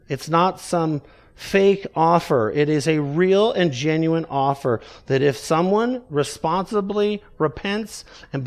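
A man preaching an expository sermon, raising his voice to read scripture and dropping low to stress single words. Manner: emphatic, raises voice for scripture quotes, drops low for key words.

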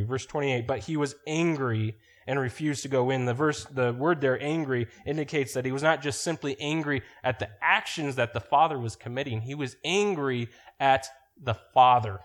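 A man preaching a sermon, explaining scripture in an emphatic way and slowing down to stress key points. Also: mid-range voice.

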